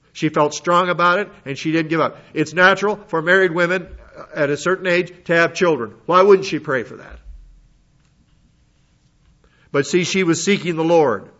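A man's voice: a little high, pushed and bright, highs cut off. A man teaching a Bible lesson in sermon style, working through word studies with frequent restarts. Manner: methodical, works through Greek word lists with restarts.

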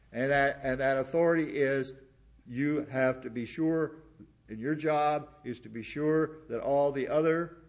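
A male pastor delivering a sermon, repeating words for emphasis and dropping into quiet asides. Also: medium pitch, highs cut off.

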